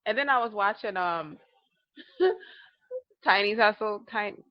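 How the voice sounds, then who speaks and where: Speaking at a slow pace with medium pitch, this female podcast co-host comes through lo-fi with no echo. She spins lively stories in easygoing chat, full of laughter and acted-out quotes.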